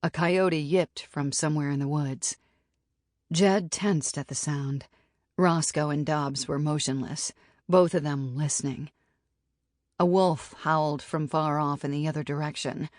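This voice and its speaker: A woman narrating an audiobook in a steady, even reading. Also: deep voice, measured pace, dry recording. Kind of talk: scripted narration. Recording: dry studio audiobook.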